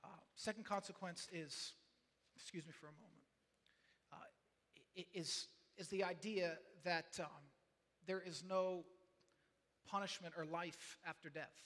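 A high, bright-voiced man preaching to his congregation in an earnest, pleading way, stumbling over and repeating words as he presses his point. His voice rings with a long reverb from the hall around him. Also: steady tone, unhurried, long pauses. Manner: builds from quiet talk to passionate shouting. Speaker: pastor. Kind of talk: sermon.

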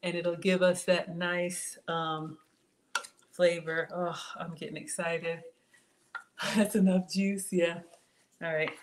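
A woman's voice: on the low side, level tone, takes it slowly, long pauses, background noise. A woman chatting through a live cooking stream from her home kitchen, reading viewers' comments aloud and talking to them by name. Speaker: cooking channel host.

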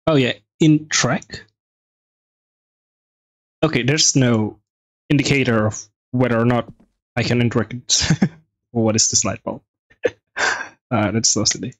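Excitable man commentating a game, dry sound. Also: mid-range voice, no echo. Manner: chatty, excitable, reading on-screen text aloud with quick reactions. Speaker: gaming video host. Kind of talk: let's play commentary.

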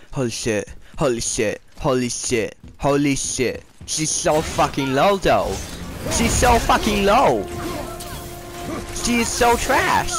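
Young man, gamer, high-pitched, unhurried, whiny, constant swearing, game music in background. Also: sing-song, low-quality recording. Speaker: gamer playing on camera. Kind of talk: raging gameplay commentary.

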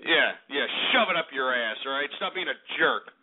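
Brief: abrasive, foul-mouthed man hosting talk radio, high-ish voice, phone-quality audio. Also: animated, brisk. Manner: abrasive, profane, sarcastic. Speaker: radio show host. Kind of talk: ranting talk radio commentary.

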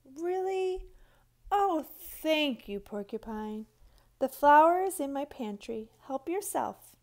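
A woman voicing an eager small female squirrel in a storybook, her voice rising high when thanking. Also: lively intonation, slow pace, a little mellow, exaggerated voice. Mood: delighted.

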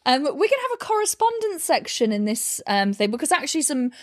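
A woman's voice: sits high, very animated, fairly quick. A woman co-hosting a comedy podcast, chatting casually, laughing often and reading listener messages aloud. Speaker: podcast co-host.

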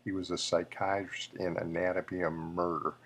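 A man's voice: deep voice, flat delivery, normal speed, a bit bright. A male podcast host giving opinionated, conversational commentary on a memorial show.

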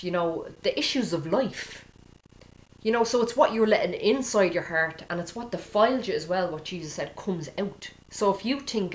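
A woman's voice: medium pitch, echoey room. A woman giving an informal, earnest sermon to camera as a Christian video preacher, speaking directly and often checking in with "okay?".

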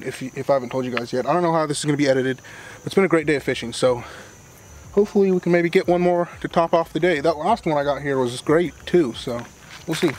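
A man filming a casual fishing vlog outdoors on a riverbank, talking to the camera in a chatty, rambling way. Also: fairly high pitch. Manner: chatty and rambling, addresses viewers as guys. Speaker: fishing vlogger. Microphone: camera set up on the bank.

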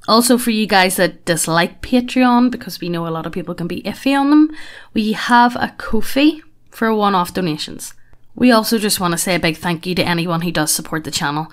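A woman's voice: medium pitch, a little fast. A woman channel host casually reading a funny story aloud, swearing freely and breaking into laughter.

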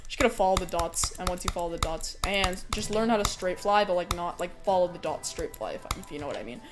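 With music in the background, a young woman gives casual live commentary on her game run in a fairly low-pitched voice at a quick pace. She's chatty and breaks into squealing protests and laughter.

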